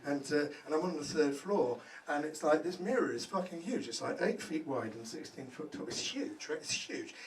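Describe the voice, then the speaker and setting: A high-voiced male stand-up comedian rattling through a sweary story and bantering with the crowd, forever tagging lines with "right?". He is picked up from a distance in a live venue, with clear room noise around him. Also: lively intonation, normal speed, hardly any pauses, reverberant. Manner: loud, swearing, crowd-work banter with many "right?" tags. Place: comedy venue before a laughing audience. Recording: distant mic, audible room ambience.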